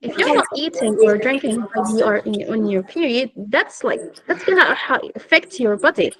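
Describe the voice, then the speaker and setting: A woman teaching an online class to girls, explaining simply, gently and patiently. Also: on the high side, animated, moderate pace, crowd noise, rough recording. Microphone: video call.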